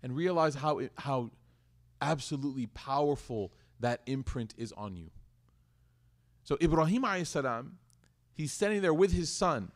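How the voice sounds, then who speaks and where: A man delivers a sermon to his community in a lively, conversational way. His voice sits a little high. He speaks directly to his listeners and weaves stories into the teaching. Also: moderate pace. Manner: conversational, animated, addresses audience directly.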